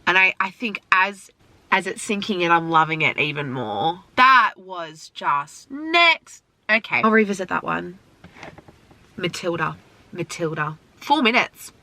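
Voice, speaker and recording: A woman's voice: lowish voice, moderate pace, sharp tone. A young woman vlogging her reaction to music from inside her car, gushing and emotional. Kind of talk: casual reaction commentary. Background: album music playing.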